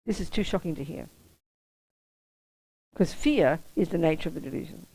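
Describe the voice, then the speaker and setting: A woman's voice: sits low, moderate pace, creaky, dark tone, breathy edge, no echo, rough recording. A woman who is a Buddhist nun giving a public dharma talk, telling a personal story bluntly and often checking that the audience understands.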